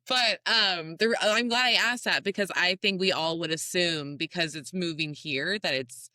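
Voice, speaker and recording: A woman's voice: on the low side, lively intonation, a little slow, sharp tone, dry recording, clean studio sound. A woman hosting a podcast, chatting casually, reacting and asking plain questions. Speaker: podcast host.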